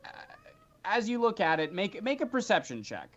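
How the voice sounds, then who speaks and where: A man narrating a tabletop game as game master, chatty and animated, with frequent filler ums. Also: high-pitched, fairly quick. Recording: dull lo-fi recording.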